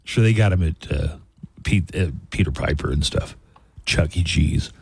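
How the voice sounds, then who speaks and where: A man's voice: extremely low pitch, normal speed, creaky, a little mellow, husky, no room sound. A man hosting a radio show, easygoing and relaying news stories in chat. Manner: easygoing, storytelling news reader.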